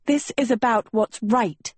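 A woman voicing a proud, scheming teenage girl in an audiobook, with a high, sing-song, coaxing delivery. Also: measured pace, a little mellow, husky, dry recording. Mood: cool. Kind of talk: audiobook character voice.

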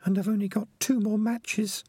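A man voicing a gentle, anxious young female rat in a soft, pleading falsetto. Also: flat delivery, normal speed, slightly rough, no echo.

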